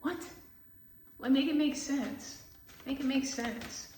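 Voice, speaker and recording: A woman's voice: high voice, fairly even intonation, slow, reverberant, background noise. A woman tarot reader ranting casually, profane and scornful, mocking people she disagrees with in quoted voices.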